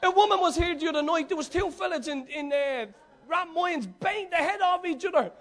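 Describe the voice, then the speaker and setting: Male preacher, very high voice, chatty and slangy, loud bursts and hushed earnest stretches. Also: a little fast. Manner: swings between loud, excited storytelling and hushed, earnest preaching; conversational with local slang. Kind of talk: sermon.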